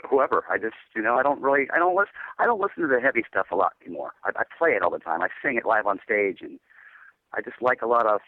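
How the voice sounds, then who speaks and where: Man, metal singer guest, rambling and laid-back, low animated voice, dry dull lo-fi audio. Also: quick pace, no room sound. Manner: rambling laid-back storyteller, says dude. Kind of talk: casual interview chat.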